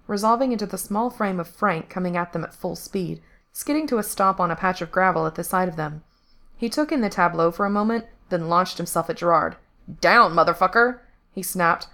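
A woman reading fiction aloud in a steady, even narration. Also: fairly low pitch. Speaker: story reader. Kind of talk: audiobook-style fiction reading.

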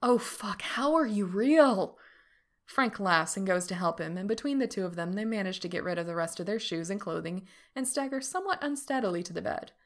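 A woman narrating fiction in a steady, unhurried reading voice. Her tone has a gravelly texture and sits low in pitch. The delivery is even and calm. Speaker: reader.

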